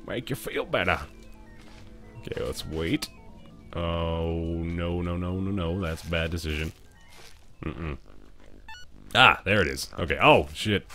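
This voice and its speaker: A man hosting a let's-play video, commenting as he plays; excitable, dropping from quiet muttering to sudden loud yelps and laughter. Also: sits low, unhurried, pauses often, faint music behind. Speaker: gaming video host.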